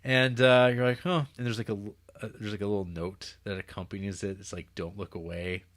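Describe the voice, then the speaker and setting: A man's voice: on the low side, little pitch movement, fairly quick, fairly bright tone, no room sound, studio quality. A man co-hosting a podcast, casually recapping a film in a rambling way and acting out the scenes. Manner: rambling, self-interrupting, acting out scenes with quoted voices. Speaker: podcast co-host.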